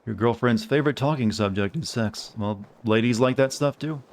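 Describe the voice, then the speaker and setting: Male streamer, mild Southern drawl, casual rambling chat, middle pitch. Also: normal speed, darkish tone. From American South. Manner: rambling, self-deprecating.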